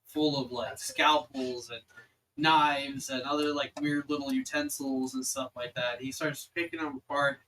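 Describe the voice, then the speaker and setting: A man's voice: medium pitch, fairly even intonation, a little slow, fairly bright tone, far from the mic, slight background noise, poor audio. A man narrating as game master in a tabletop game, loose and chatty, with many fillers.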